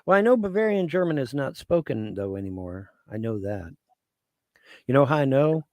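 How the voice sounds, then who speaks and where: Animated man rambling, dry close sound. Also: medium pitch, normal speed, no echo. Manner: rambling, profane, laughing often. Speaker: streamer. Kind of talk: casual live stream chat.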